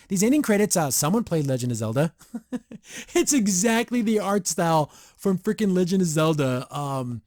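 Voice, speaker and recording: A man hosting a podcast, giving a casual episode review in a rambling, excitable way full of fillers. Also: fairly high pitch, no echo, studio quality. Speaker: podcast host.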